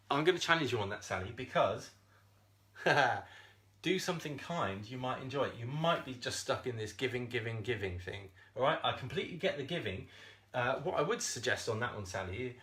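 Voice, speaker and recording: Addressing his livestream audience directly, a male self-esteem coach stays animated throughout, cursing without restraint and breaking into frequent laughter. His pitch is medium.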